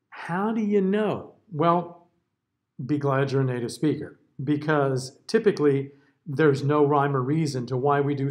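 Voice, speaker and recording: An American man giving a classroom diction lecture, carefully over-enunciating example words. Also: mid-range voice. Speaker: diction teacher.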